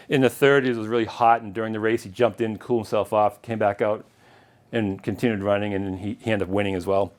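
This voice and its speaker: A middle-aged man giving a casual history lecture, chatting through anecdotes and chuckling now and then. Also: fairly low pitch. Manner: chatty and anecdotal, chuckling at his own stories. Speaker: lecturer and longtime marathon runner.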